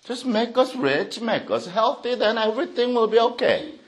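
A preacher doing an indignant man from a crowd, high-pitched and swinging widely up and down as he fires off questions in disbelief. He sounds puzzled and aggrieved, his lines rushing out at times. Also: very animated. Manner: incredulous, questioning, rushed at times.

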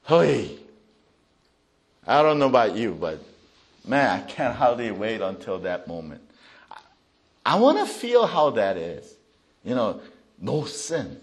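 Slow, animated man preaching a sermon. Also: medium pitch. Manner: swings between loud proclamation and soft asides; reads scripture aloud with emphasis. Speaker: pastor.

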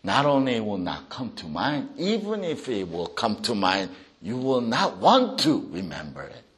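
A man preaching a sermon as a pastor, reading scripture aloud with emphasis and swinging between loud proclamation and soft asides. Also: fairly low pitch, wildly swooping pitch, moderate pace.

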